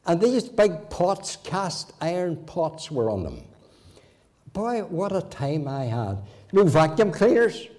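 A guest preacher in his eighties from Northern Ireland, with a Northern Irish accent, delivers a folksy storytelling sermon in church, weaving in homely childhood anecdotes and occasionally restarting. His voice is on the high side and darkish, sing-song, and he takes it slowly.

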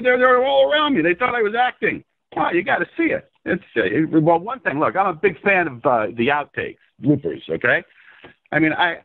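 A man being interviewed over the phone about his low-budget film, telling stories in an animated, excitable, profane way. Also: no room sound. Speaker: filmmaker guest. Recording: tinny dry phone line.

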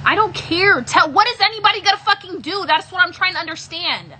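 A woman's voice: very high-pitched, lively intonation, brisk, bright, forceful tone, a little hiss or hum, low-quality recording. A woman hosting a livestream, ranting angrily at her viewers with heavy swearing and repetition. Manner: irritated, heavy swearing, repeats herself. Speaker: livestream host. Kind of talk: angry rant to live viewers.

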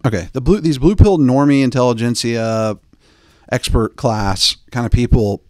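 A man's voice: mid-range voice, normal speed, darkish tone, no room sound, studio quality. A man hosting a podcast, chatting casually in a rambling, joking way with lots of fillers. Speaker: podcast host. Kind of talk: casual chat.

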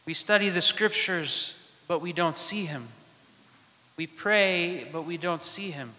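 A man who is a priest, preaching a sermon in measured phrases with dramatic pauses, in a church. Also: high voice, pushed and bright. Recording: long church reverb.

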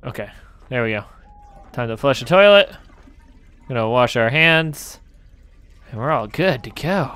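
Medium-pitched, expressive and smooth, this voice is a little slow and a bit bright, with frequent pauses. The speaker is a gaming channel host playing a horror game, jumpy, cursing freely and talking to himself.

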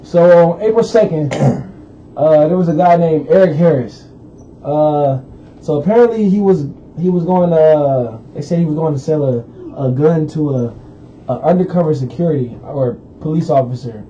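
Rambling dark-voiced radio co-host man. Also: a little high, moderate pace. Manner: loose and rambling, heavy fillers. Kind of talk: casual current-events chat. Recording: dull lo-fi radio recording, faint hiss.

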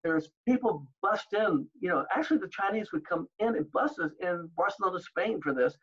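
Husky older man telling lively stories. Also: sits high, normal speed, muffled recording. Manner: animated anecdotes, acting out quoted exchanges. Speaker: interview guest. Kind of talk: storytelling in an interview.

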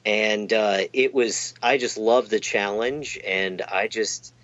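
A man's voice: lowish voice, steady tone, slow, a bit bright, no echo. A man talking loosely in an interview, trailing off and circling back with plenty of fillers. He pokes fun at himself as he goes. The recording sounds a little dull and lo-fi. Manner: rambling, self-deprecating, many fillers and restarts. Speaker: amp technician guest. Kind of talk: casual interview chat.

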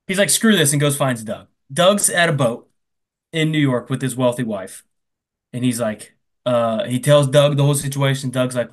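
A man casually retelling a film plot on a comedy podcast, acting out the characters' lines with quick asides. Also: medium pitch. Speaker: podcast co-host. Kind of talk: casual comedic movie recap.

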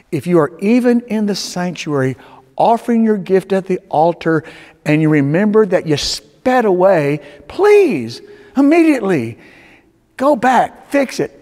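Preacher man in a reverberant sanctuary. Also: high voice. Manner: storytelling with dramatic swings between loud urging and hushed tones. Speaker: pastor. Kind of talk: sermon. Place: church sanctuary. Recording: long reverb of a church sanctuary.

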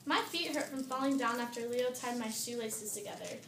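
A gentle little sloth schoolgirl from a storybook, reassuring in a fairly high voice, as a woman reads her. The room is echoey with faint hiss. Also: a little fast, natural voice. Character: young girl sloth, calm and reassuring.

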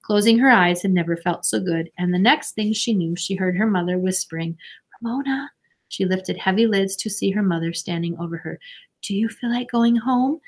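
A woman reading a children's novel aloud, with gentle, expressive storytelling. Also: fairly low pitch, fairly quick, hardly any pauses. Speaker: audiobook narrator.

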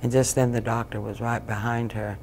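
A woman giving emotional personal testimony as an interview guest, halting and repeating phrases as she relives what happened. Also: a bass voice, little pitch movement, a little mellow, slight background noise. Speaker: guest, bereaved mother.

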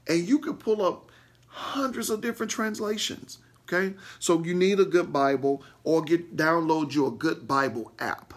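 A man, a pastor, teaching a Bible lesson with emphatic repeats and frequent "okay?" check-ins to his listeners. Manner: animated, swings between loud bursts and low asides.

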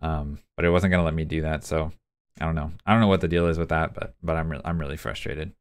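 Music plays behind a gaming streamer whose rumbling low voice is clear, resonant, and steady. He speaks quickly, frustrated, commenting on his live gameplay and addressing both himself and his chat.

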